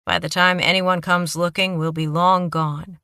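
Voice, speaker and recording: A woman voicing a cold, menacing young male killer who speaks in hushed, sneering threats. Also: fairly low pitch, flat delivery, measured pace, clear, resonant tone, no echo, clean studio sound. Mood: icy menace.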